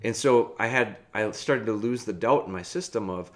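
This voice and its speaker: A man's voice: medium pitch, animated, moderate pace. A man hosting a podcast, telling a rambling personal story in a casual way, often correcting himself and chuckling at his own mistakes.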